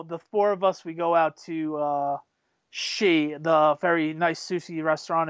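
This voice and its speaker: A man casually telling excitable, rambling stories, full of fillers and restarts. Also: fairly high pitch, smooth, no room sound, lo-fi sound. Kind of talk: casual storytelling chat.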